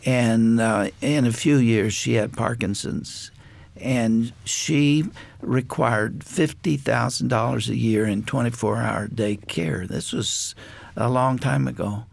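An older man earnestly telling a personal story as an interview guest, unhurried and pausing often. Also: medium pitch, vocal fry, no room sound. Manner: earnest, unhurried anecdote with frequent pauses.

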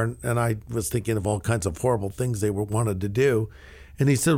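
A man's voice: mid-range voice, fairly quick. A middle-aged man, a pastor, telling anecdotes in a radio interview and acting out the dialogue as he goes. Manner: lively anecdotal storyteller, acts out quoted dialogue. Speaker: pastor and author.

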